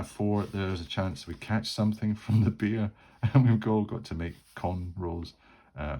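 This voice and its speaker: Very deep-voiced man, rambling. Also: a little mellow. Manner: rambling, with many fillers and restarts. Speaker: channel host playing a solo tabletop game. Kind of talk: casual solo tabletop narration.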